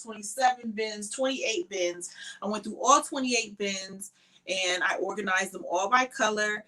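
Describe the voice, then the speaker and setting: A woman's voice: mid-range voice, moderate pace, fairly bright tone, rough recording. Tired, chatty woman streaming crochet. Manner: chatty, greets viewers by name, trails off with ums. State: tired, sleepy. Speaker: crochet livestream host. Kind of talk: casual livestream chat. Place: home craft shed.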